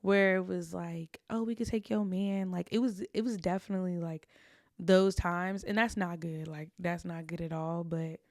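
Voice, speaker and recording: A woman's voice: fairly low pitch, fairly even intonation, moderate pace, no echo, clean studio sound. A young adult woman hosting a podcast, telling stories about her own past in a candid, confessional way with casual slang. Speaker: podcast host.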